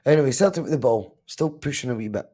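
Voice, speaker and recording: A Scottish man hosting a live football watch-along podcast, chatting casually, reacting to the match and the chat with animated, sometimes sweary remarks. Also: medium pitch, fast talker, husky. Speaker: podcast host.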